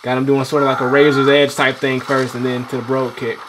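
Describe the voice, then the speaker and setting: A man's voice: medium pitch, level tone, fast, background noise. A man giving loose, rambling gameplay commentary as a game reviewer, swearing freely while he plays.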